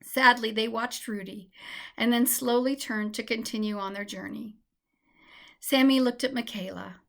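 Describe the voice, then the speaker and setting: A woman reading a children's storybook aloud in a gentle, expressive way. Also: a little high, moderate pace, gravelly.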